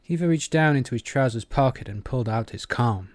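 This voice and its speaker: A man narrating an audiobook in a measured, even manner. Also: mid-range voice, no room sound.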